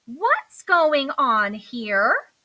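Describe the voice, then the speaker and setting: An exasperated mother from a children's story, scolding in a bright, high voice, as a woman reads her part. Her tone is stern but caring, with lively rises and falls. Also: normal speed, creaky, heavily acted, rough recording.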